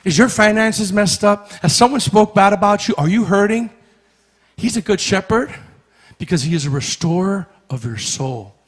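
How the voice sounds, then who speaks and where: A man preaching a sermon as pastor, emphatic, rising to shouts and acting out little dialogues. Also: high voice, expressive, normal speed, slightly rough.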